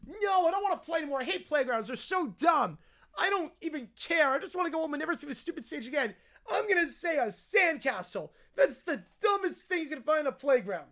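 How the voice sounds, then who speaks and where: A spoiled little boy whines and yells through a nonstop tantrum, as a man puts him on. His high voice jumps wildly between shrill shouts and sulky mumbles. He sounds entitled, loud and impossible to calm. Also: a little fast, heavily acted. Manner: whining, yelling tantrum.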